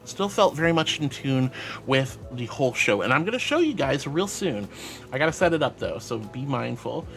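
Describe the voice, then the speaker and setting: A man's voice: mid-range voice, sing-song, normal speed, vocal fry, a bit bright, faint music behind. A man streaming live and reading out chat, bubbly and affectionate, calling viewers sweetie.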